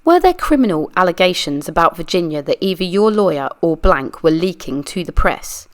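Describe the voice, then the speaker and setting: Speaking at normal speed with a lowish voice and big swings in pitch, a woman reads a deposition aloud for a true crime channel. She takes the role of a persistent adult lawyer, putting methodical, pressing questions to a witness.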